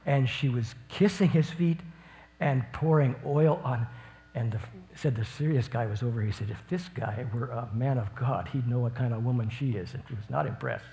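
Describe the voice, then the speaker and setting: A man teaching from the Bible in a relaxed, conversational way. His voice sits in a middle register. He rises into enthusiastic bursts, then settles back into a quiet retelling. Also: medium pitch, moderate pace, vocal fry.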